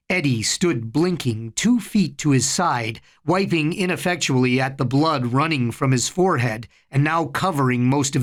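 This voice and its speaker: A storyteller giving a slow, dramatic reading of horror fiction. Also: medium pitch.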